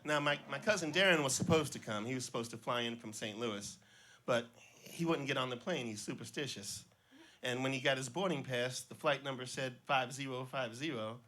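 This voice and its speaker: A middle-aged man from the Cincinnati area doing his first stand-up set, telling joke stories in a relaxed way with small slips and restarts. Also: medium pitch, a little fast. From Cincinnati area, Ohio. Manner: relaxed storytelling, slips and restarts, voices jokes' characters lightly. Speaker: stand-up comedian, schoolteacher. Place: small club stage before a live audience.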